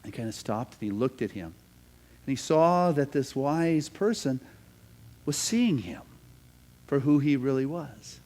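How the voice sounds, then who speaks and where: Animated storytelling male pastor. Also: medium pitch, takes it slowly, long pauses. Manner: animated storyteller, builds to loud emphasis. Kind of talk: sermon storytelling.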